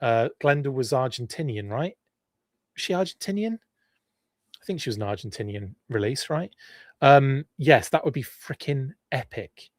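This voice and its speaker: A well-spoken English man hosts a live stream in an easygoing, meandering way, stopping and restarting his thoughts as he answers viewers. His voice sits at an ordinary middle pitch. The recording is dry and close, with no room sound. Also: lively intonation, moderate pace, no room sound. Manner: rambling and chatty, with frequent restarts and asides. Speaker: podcast host. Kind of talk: live-stream casual chat, reading viewer comments.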